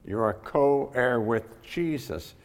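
A man's voice: mid-range voice, lively intonation, slow pace. A man preaching a sermon emphatically, repeating key words for weight, recorded with the long reverb of a large hall. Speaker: pastor.

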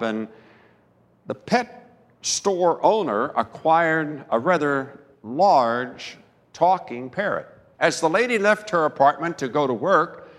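Slow, emphatic preacher in a reverberant hall. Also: male voice, medium pitch, a bit bright. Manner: slow, emphatic storytelling with dramatic pauses. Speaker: pastor. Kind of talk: sermon. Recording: long reverb of a large church hall.

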